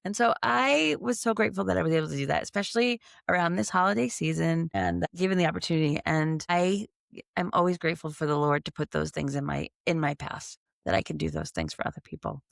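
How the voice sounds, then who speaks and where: A woman's voice: low voice, big pitch swings, fast, creaky, no echo, studio quality. A middle-aged woman co-hosting a podcast, telling a story in casual chat and acting out both sides of the conversation. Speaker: podcast co-host.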